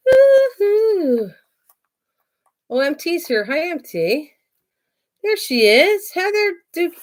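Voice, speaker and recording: A woman's voice: mid-range voice, a little mellow. Chatty older woman crafting live. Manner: chatty, thinks aloud, greets viewers by name. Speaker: craft channel host. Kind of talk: casual livestream chat while crafting.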